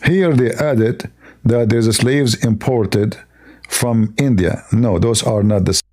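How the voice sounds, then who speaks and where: A man's voice: mid-range voice, slow pace, mellow. A man hosting a livestream, talking in broken, non-native English, rambling and sarcastic. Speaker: livestream host. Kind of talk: casual livestream talk.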